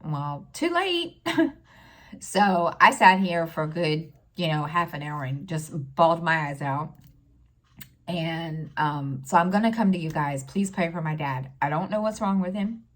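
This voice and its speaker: A middle-aged woman talking in a casual personal vlog, halting and full of fillers, close to tears. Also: low-pitched, expressive, fairly bright tone. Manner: halting, many fillers and restarts. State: tearful, near crying. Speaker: stitching vlogger.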